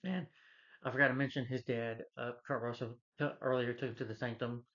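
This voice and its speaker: Male film reviewer, casual and rambling, mid-pitched voice on a slightly muffled recording. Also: steady tone, brisk, creaky, fairly bright tone. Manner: rambling plot retelling with many fillers and restarts.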